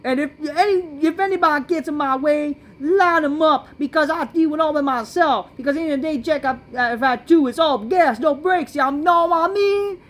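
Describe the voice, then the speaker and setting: A man doing a mocking impression of a boastful male wrestler in a high sing-song voice. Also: brisk, hardly any pauses, a bit bright.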